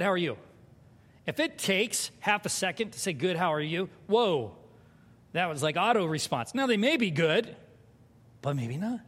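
A man preaching a sermon as pastor, animated and conversational, with humor. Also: high-pitched. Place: church sanctuary. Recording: hall reverb.

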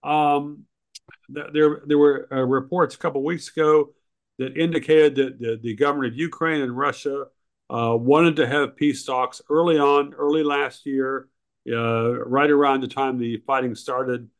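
A man's voice: medium pitch, steady tone, measured pace. A man, a writer and regular co-host, talking politics casually with frequent ums and uhs. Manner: hesitant, many ums and uhs, critical.

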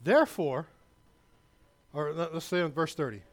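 A male pastor preaching a sermon, emphatic and loud, with asides to the congregation. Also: fairly high pitch, expressive, normal speed.

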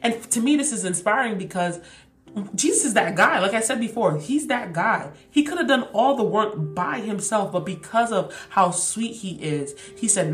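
A young woman hosting a podcast, sharing a casual, heartfelt devotional reflection with slang and emphatic repeats, her voice going a bit hoarse. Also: medium pitch, animated, moderate pace. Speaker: podcast host.

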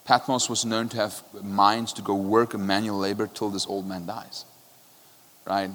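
A male pastor preaching a passionate sermon, his voice swinging from quiet and low to loud, often checking in with "right?". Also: little pitch movement, moderate pace. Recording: long hall reverb.

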